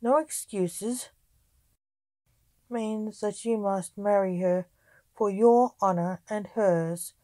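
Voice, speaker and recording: A woman's voice: mid-range voice, steady tone, slow, pauses often, warm tone, dry recording, lightly acted. A woman voicing a stern nobleman who insists on honour, reading firmly and accusingly in her own voice. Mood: insistent. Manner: firm, accusing storybook reading.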